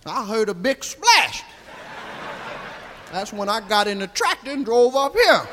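A man's voice: sits high, big pitch swings, measured pace, background noise. A man playing an old, rambling country storyteller with a Southern accent, drawling and coarse in a stand-up character monologue. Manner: drawling, folksy, coarse, keeps asking "see?". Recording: live hall reverb.

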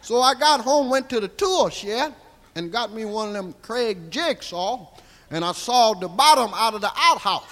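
Brief: a comedian voicing an old Southern country man spinning tall tales, bright high voice, live hall echo. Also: expressive, normal speed. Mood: rambling. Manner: drawling, folksy, coarse, keeps asking "see?". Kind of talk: stand-up character monologue.

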